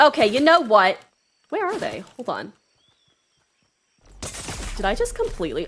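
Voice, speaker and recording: Excitable streamer woman, lively animated voice. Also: lowish voice, fairly quick, long pauses, husky. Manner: excitable, yelps and laughs, apologetic chatter. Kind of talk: live gaming stream chat.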